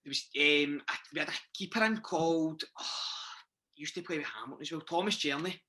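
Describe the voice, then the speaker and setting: Sweary young Scottish footballer. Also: male voice, a little high, brisk, sharp tone. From Scotland. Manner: sweary, rambling anecdotes with frequent restarts. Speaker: guest footballer. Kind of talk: casual podcast chat.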